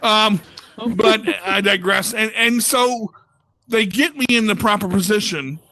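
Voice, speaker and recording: A male stand-up comic on a club stage with a high, bright voice. He tells a story with lots of energy and jumps into the voices of the people in it. The sound is dry, with little room echo. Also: unhurried. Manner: animated storyteller who acts out other people's voices. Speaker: stand-up comedian. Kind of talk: stand-up comedy routine.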